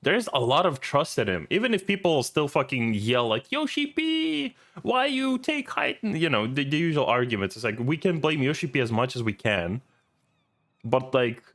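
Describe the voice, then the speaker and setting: A man's voice: medium pitch, lively intonation, moderate pace, fairly bright tone. A man streaming and reacting to a video in casual, rambling commentary, swearing often and laughing easily.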